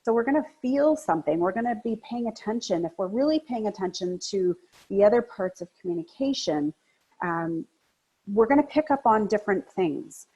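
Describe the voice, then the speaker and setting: A woman coach giving a training presentation in a lively, emphatic, conversational way. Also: normal speed, slightly rough, muffled recording. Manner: high-energy, emphatic talker.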